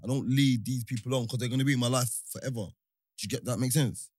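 A man's voice: medium pitch, fast talker, a little mellow, husky, no echo, studio quality. A man talking animatedly in casual chat, full of slang and repeating himself.

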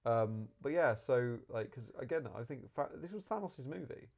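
A man reviews a film in loose, casual chat. He is animated and rambles, often stopping mid-sentence to rephrase. His voice is dark and mellow. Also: mid-range voice, moderate pace, gravelly. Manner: rambling, animated, self-correcting.

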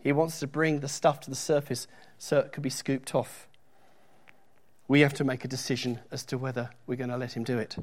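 A middle-aged man preaching a sermon at an ordinary, middling pitch. He keeps it conversational, slips in joking asides, and leans into scripture when he reads it out. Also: flat delivery, a little fast. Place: church.

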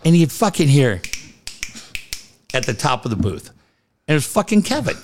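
A man's voice: mid-range voice, normal speed, slight background noise. A man hosting a casual talk show, telling a story full of swearing and acted-out quotes. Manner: profane storytelling, animated quoted voices. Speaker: host. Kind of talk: casual chat.

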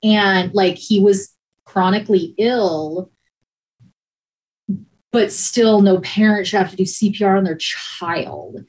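Woman, former emergency dispatcher, halting, emotional, restarts often, mid-pitched. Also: a little mellow, rough recording. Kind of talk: personal account in a conversation.

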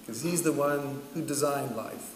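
A man's voice: mid-range voice, measured pace, distant mic. A middle-aged man preaching a sermon, telling a personal story in a casual, chatty way with frequent laughter. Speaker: pastor. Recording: echoey hall, voice from afar, faint ambient noise.

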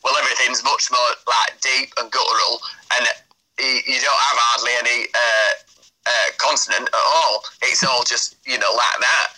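A man's voice: mid-range voice, fairly even intonation, moderate pace, sharp tone, low-quality recording. A man chatting as an interview guest, explaining at length in an easy, talkative way. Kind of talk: casual interview chat.

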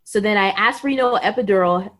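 A woman in her thirties, guesting on a podcast, tells a personal story in a mid-range voice at a fast clip. She's animated, acts out what other people said, and leans on "like" constantly in this casual storytelling.

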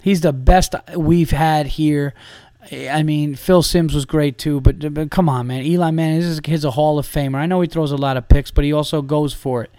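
A man's voice: fairly high pitch, fairly even intonation, moderate pace, warm tone, dry recording, studio quality. A man hosting a comedy podcast, ranting in a heated, profane, emphatic way.

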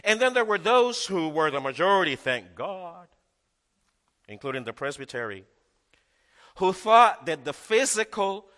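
Bright-voiced preaching pastor in reverberant church. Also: male voice, sits high, very animated, measured pace, pauses often. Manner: emphatic preaching with repeated phrases. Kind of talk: sermon.

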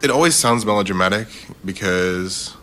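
A man's voice: on the low side, expressive, normal speed, pushed and bright, soft background music. A man telling a personal anecdote casually, rambling with many fillers and laughing at himself. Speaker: storyteller.

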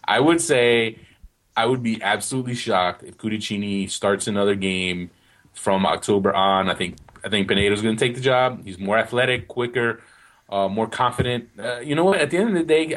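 A man co-hosting a casual soccer podcast in a mid-range voice. He rambles and restarts his sentences, often circling back with "you know what?" before he lands on a point. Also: medium pitch. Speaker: podcast co-host.

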